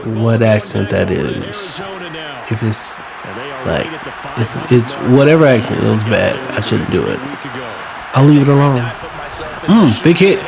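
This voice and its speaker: Man host, slow easygoing gamer commentary, loud game crowd under him. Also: medium pitch, gravelly. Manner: relaxed, chatty, self-mocking with sudden excited outbursts. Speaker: podcast host playing a football video game. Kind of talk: casual play-by-play commentary while gaming. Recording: game crowd noise behind the voice. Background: stadium crowd sound from the game.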